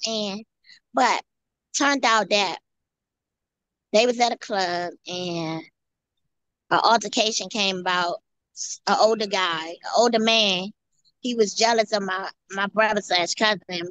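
A woman guest giving an earnest personal testimony, halting and often repeating or restarting her phrases. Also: mid-range voice, fairly bright tone, no echo. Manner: earnest storytelling.

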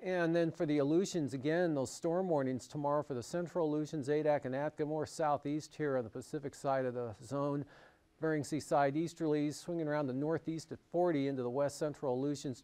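A man's voice: fairly high pitch, mellow, clear, resonant tone. A man with an American accent presenting a broadcast marine and weather forecast, talking it through loosely with frequent fillers.

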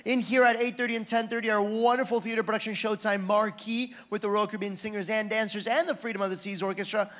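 A man's voice: sits high, little pitch movement, fast, hardly any pauses, fairly bright tone. A man working as a cruise director, announcing upcoming events from the stage in an upbeat presenter's manner. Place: cruise ship theater.

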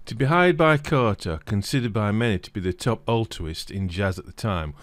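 A man narrating a scripted video essay in a steady reading voice. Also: on the low side, no echo. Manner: steady reading, livelier when reading quoted passages.

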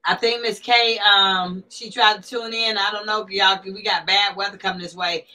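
Female livestream host, bright tone, animated and chatty with viewers. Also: medium pitch, normal speed, low-quality recording. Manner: animated, talks back to chat comments. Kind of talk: casual livestream chat.

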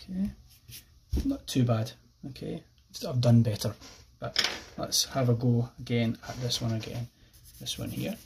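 A man with an Irish accent explaining a pencil drawing step by step as he works, relaxed and thinking aloud. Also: medium pitch, unhurried, creaky, background noise. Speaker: art teacher. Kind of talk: drawing tutorial narration.

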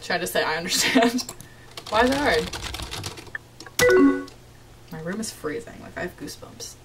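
A woman's voice: fairly low pitch, lively intonation, moderate pace, distant mic, very noisy. A young woman chatting casually through a let's-play of a game from her bedroom, reading chat messages aloud with a giggly, playfully dramatic manner. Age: young adult. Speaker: gaming YouTuber. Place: home bedroom.

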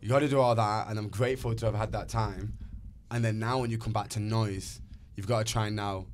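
A man's voice: on the low side, a little fast, slight background noise. A man, a dancer and choreographer, chatting as a podcast guest and acting out bits of dialogue. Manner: animated storyteller, acts out dialogue. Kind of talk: casual podcast conversation.

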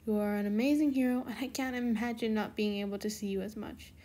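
A woman voicing a gentle, affectionate teenage boy superhero in a fan fiction reading, in soft tender tones. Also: medium pitch, steady tone, fast, lightly acted.

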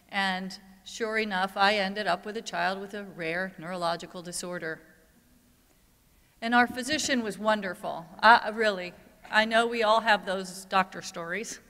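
Speaking in a clean, bright, forceful mid-range voice, a parent advocate shares a personal story with her audience during a candid, conversational conference talk. Long reverb from the big conference hall carries through the recording.

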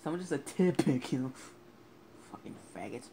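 A young man talks over his game in loose, casual commentary, cursing freely and flaring into angry rants. His voice sits at an ordinary middle pitch. A clear layer of noise runs under the recording. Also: expressive, normal speed, dark tone. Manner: swears a lot, angry outbursts. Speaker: gameplay commentator. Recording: noisy home recording.

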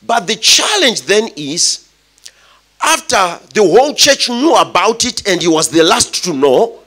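A male preacher delivers a sermon as dramatic storytelling. His voice is high and bright, sweeping through an animated range. He speaks slowly and breaks into shouts.

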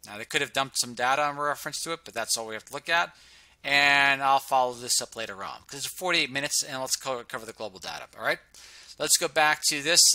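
A man's voice: fairly high pitch, pushed and bright, dry recording. A man casually talking through charts on screen, sarcastic and humming filler sounds while he scrolls. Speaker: presenter reviewing health data on screen. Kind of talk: casual screen-share commentary.

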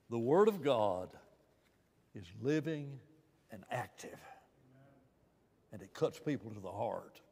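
A man's voice: medium pitch, darkish tone, big-room sound. A man preaching in a church Bible class, emphatic, asking rhetorical questions and often restarting his phrases. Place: church room.

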